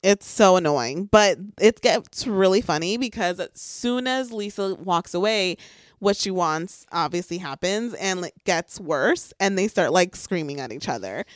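A woman recapping a reality show in casual chat, excited and gossipy, swearing often and filling with "like". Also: on the low side, a little slow, dry recording, studio quality.

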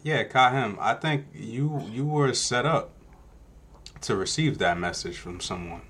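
A man's voice: mid-range voice, animated, measured pace, a bit bright, breathy edge. A man who is a podcast guest, talking in a laid-back, slangy way in casual chat.

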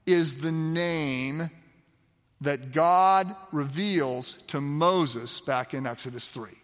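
A man teaching a sermon on a Bible passage, acting out the dialogue of the scene. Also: fairly high pitch. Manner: animated, acts out the dialogue of the scene. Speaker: preacher. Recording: long reverb of a hall.

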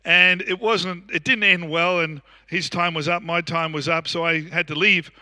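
An Australian man in his sixties delivers a sermon in an easy, anecdotal way, with plenty of fillers and restarts. His voice sits high for a man and rings very bright. The sound is dry and close. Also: fairly even intonation, moderate pace, no room sound. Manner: anecdotal, conversational preaching with frequent fillers and restarts. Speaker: pastor. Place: church.

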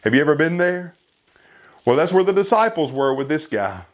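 A man's voice: on the high side, big pitch swings, moderate pace. A man preaching a sermon as a pastor, impassioned and building to fervent bursts.

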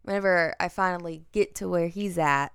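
A woman's voice: lowish voice, normal speed, fairly bright tone, clear, resonant tone, no echo, clean studio sound. A woman from the American South with a Southern accent, co-hosting a podcast in casual chat, playful and giggly. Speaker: podcast co-host.

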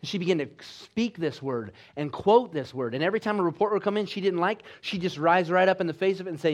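A man preaching a sermon with exhortations, swinging between loud emphatic lines and quiet low ones. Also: quick pace, hardly any pauses. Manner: exhorting, with call-and-response asides. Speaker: pastor.

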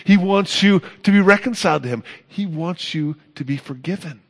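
A man preaching a sermon as pastor, earnest, building to emphatic peaks and then dropping soft. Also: high-pitched, moderate pace.

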